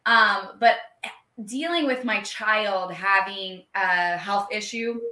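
A young adult woman hosting a conversation, chatty and animated, with plenty of fillers. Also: medium pitch, slow, echoey room. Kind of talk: podcast conversation.

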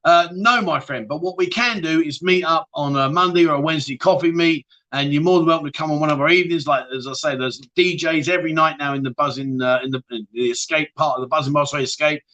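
Bright, jokey man hosting a livestream. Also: a little high, fast, hardly any pauses. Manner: jokey, laughing, banter with viewers. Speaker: livestream host. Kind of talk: casual livestream chat reading viewer comments.

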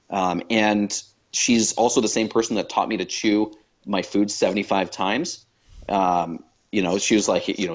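Low-voiced reflective male guest. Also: highs cut off. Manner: thoughtful, many fillers and restarts. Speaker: podcast guest. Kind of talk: reflective conversation.

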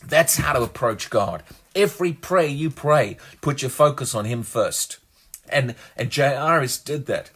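A man's voice: medium pitch, lively intonation, a little slow, fairly bright tone, slightly rough. A man preaching a sermon, earnest and emphatic, often repeating words as he restarts a phrase.

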